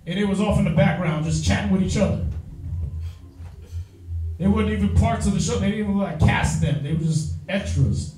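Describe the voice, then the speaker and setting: A man leading an informal Bible study, speaking in a slangy, sarcastic, animated way. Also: high-pitched, normal speed, pauses often, soft background music. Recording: echoey room, mic at a distance.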